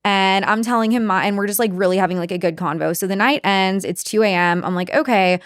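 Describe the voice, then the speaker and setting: A woman's voice: mid-range voice, fast, clean tone, no echo, clean studio sound. A young woman hosting a podcast, telling a story in casual chat, rambling with lots of fillers, frequent laughs and free swearing. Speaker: podcast host.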